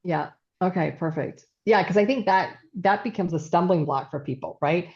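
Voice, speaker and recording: Lower voiced woman, business coach, rambly chatty podcast talk, kinda dull lo-fi audio. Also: normal speed, darkish tone. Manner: chatty storyteller, many fillers and asides. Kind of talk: casual podcast chat. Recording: dull lo-fi sound.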